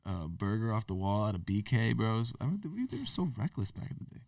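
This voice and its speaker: A man's voice: on the low side, sing-song, a little fast, darkish tone, no echo, clean studio sound, distant mic. A young man co-hosting a podcast, rambling through a story and swearing. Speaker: podcast co-host. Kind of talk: casual chat.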